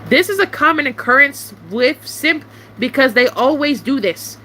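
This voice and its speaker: A young woman venting to camera in a casual monologue, irritated and swearing often, with sharp rising outbursts. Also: high-pitched, expressive, moderate pace, slight background noise.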